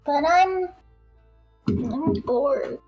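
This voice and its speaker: A man's voice: extremely high pitch, drawn-out words, a little mellow, soft background music, voice pushed up, exaggerated voice. A man putting on bored Lotus, singsong. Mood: whiny. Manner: singing a drinking song under her breath. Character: bored young female adventurer Lotus. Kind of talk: tabletop role-play voice.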